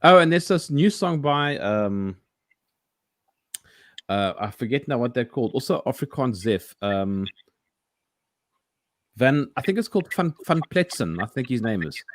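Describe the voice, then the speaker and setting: A man tells animated stories in a casual chat. His pitch swings widely as he restarts and laughs through his tales. The sound is dry and close. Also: unhurried, long pauses, no room sound. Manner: animated storyteller, many restarts, laughs often.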